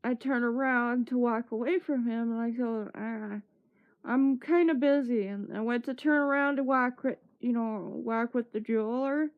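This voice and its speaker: High-voiced woman telling a rambling story. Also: steady tone, normal speed. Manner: rambling, swearing, laughing while telling a story. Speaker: streamer. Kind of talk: casual storytelling chat. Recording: muffled lo-fi stream audio.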